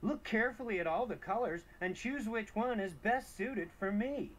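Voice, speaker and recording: A man's voice: high voice, animated, moderate pace, low-quality recording. An actor voicing a proud, slightly vain male red engine in a preschool DVD game, fussy about his splendid paint.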